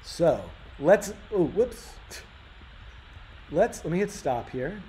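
Taking it slowly, a man with a high, animated, slightly mellow voice leads a live-coding workshop. He works through his thoughts aloud, full of fillers and restarts, in roomy live-stream audio from the workshop room with faint background noise.

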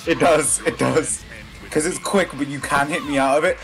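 A man playing a fighting game with a friend, swearing, gloating and shouting excitedly in casual chat. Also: fairly high pitch, moderate pace. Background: game music.

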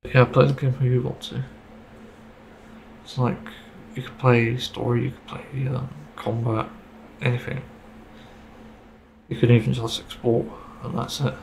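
A man's voice: medium pitch, little pitch movement, a little slow, vocal fry, long pauses, a little mellow, slight background noise, rough recording. A man giving a casual, rambling opinion monologue about a game, getting frustrated and swearing casually. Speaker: gaming video creator.

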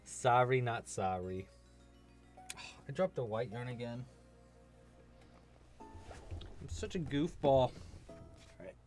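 A man's voice: mid-range voice, expressive, takes it slowly, long pauses, warm tone, soft background music. A young man from Southern California with a Californian accent, hosting a casual crochet livestream, goofy and laughing as he chats with viewers. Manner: goofy, laughing, chatty with viewers, puts on silly voices.

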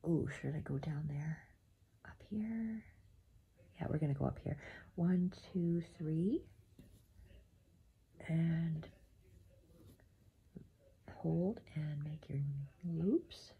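A woman giving a step-by-step embroidery tutorial at home, softly counting her stitches aloud and often dropping to a half-whisper. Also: sits low, drawn-out words, creaky, long pauses, breathy edge, narrow, tinny audio. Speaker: embroidery instructor.

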